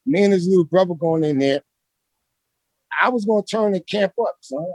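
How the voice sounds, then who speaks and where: A man's voice: sits high, normal speed, no room sound. A man from Brooklyn, telling rambling, slangy street-basketball stories as an interview guest. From Brooklyn, New York. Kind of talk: casual storytelling interview.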